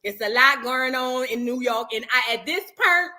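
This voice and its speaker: A woman chatting casually about celebrity gossip as host of her channel, sassy and animated, sometimes breaking into sung bits. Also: high voice, moderate pace.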